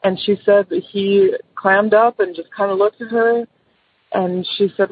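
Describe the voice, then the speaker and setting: A woman's voice: medium pitch, fairly even intonation, unhurried, slightly rough, no room sound. A woman caller chattily telling a friend's ghost story over the phone, rambling with fillers and quoting the people in it. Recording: phone line.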